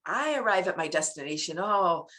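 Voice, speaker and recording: A laughter yoga teacher appears as an interview guest, speaking animatedly, laughing often, and adding playful sound effects. Her voice is fairly low, and she talks at a normal speed.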